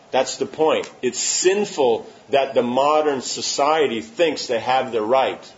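This spiritual teacher's informal religious talk comes through a muffled lo-fi recording with slight background noise. He speaks a little slowly in a medium-pitched voice with hardly any pauses, answering questions emphatically and often asking "you know what I'm saying?"

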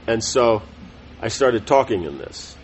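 A middle-aged man with a low voice reads a scripture text to his class in a measured, deliberate way. He breaks off for casual asides and fixes his own small slips as he goes. Faint background noise sits under the voice. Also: very animated, low-quality recording. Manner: measured, deliberate reading with small self-corrections. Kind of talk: reading a text aloud with spoken asides.

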